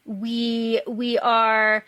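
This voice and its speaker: A woman co-hosting a book podcast, recapping the plot in casual chat, animated and swearing freely. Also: fairly high pitch, very slow. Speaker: podcast co-host.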